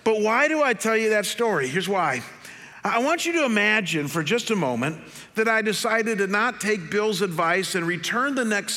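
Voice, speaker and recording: Animated storytelling pastor in reverb. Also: male voice, high voice. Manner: animated storyteller, acts out quotes. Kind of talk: sermon with personal story. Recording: long hall reverb.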